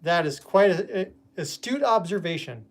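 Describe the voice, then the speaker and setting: A man's voice: sits high, expressive, moderate pace. A man hosting a casual live stream, chatting and greeting viewers by name with plenty of fillers. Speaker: host.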